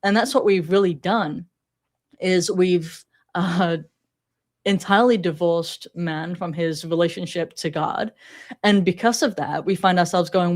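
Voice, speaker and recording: Woman, English Sheffield accent with an American edge, interview guest, lower voice, lively and laughing. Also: measured pace. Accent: Sheffield English with a slight American twist. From England. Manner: animated, laughs often, puts on voices to quote others. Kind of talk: conversational interview.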